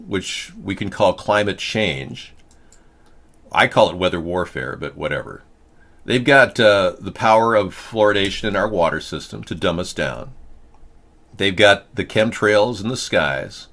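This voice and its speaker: A man's voice: deep voice, expressive, moderate pace, a bit bright. A man hosting a casual political talk show, rambling from story to story with a joking, sarcastic manner. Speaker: host.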